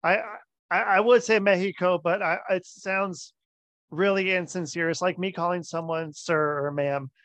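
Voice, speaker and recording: A man from the United States hosting a podcast, speaking haltingly in a casual chat and often stopping to search for words. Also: high voice, steady tone, a bit bright, no echo. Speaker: podcast host. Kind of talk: casual interview conversation. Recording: dry, dull lo-fi audio.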